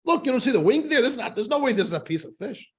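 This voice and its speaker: A man's voice: medium pitch, big pitch swings, normal speed, gravelly, darkish tone, breathy edge, heavily acted. A man voicing a suspicious, indignant male Christian priest in a told joke, accusing and exasperated.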